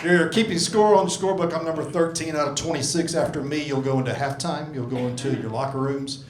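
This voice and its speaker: A man's voice: on the high side, brisk, heavy background noise. A man in his sixties doing a stand-up comedy set in a club, rambling, profane and self-mocking, working the crowd. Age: 60s. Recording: echoey club room.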